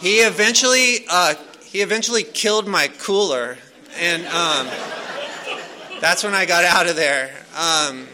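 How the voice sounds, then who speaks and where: Bright-voiced man telling a rambling story. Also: high voice, a little slow. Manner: rambling, loose, full of fillers and restarts. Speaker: speaker sharing a recovery story. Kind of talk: casual storytelling to a live audience.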